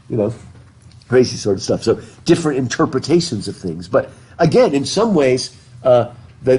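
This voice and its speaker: In a live classroom recording made through a face mask, a man with a medium-pitched, slightly mellow voice teaches literature casually. He keeps it chatty, asks students questions, and repeats words when restarting his sentences.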